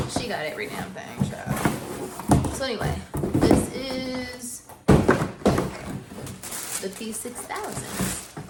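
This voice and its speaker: Chatty excitable woman vlogger, noisy phone audio. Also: mid-range voice. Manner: chatty and excitable, squeals and gasps when thrilled. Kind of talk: casual vlog chat.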